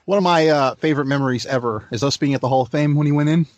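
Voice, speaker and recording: A man co-hosting a wrestling podcast who talks fast, with a slightly high, lively voice. He teases his co-host and laughs often, and the sound is dry and up close. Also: no echo, highs cut off. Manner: quick, teasing, laughs often. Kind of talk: casual podcast chat about wrestling.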